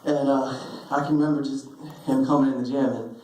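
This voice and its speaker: A young man giving a personal eulogy, telling stories with halting restarts and fillers, recorded on a phone in a funeral hall. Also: medium pitch, little pitch movement, a little mellow. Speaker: eulogy speaker. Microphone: phone recording from the audience.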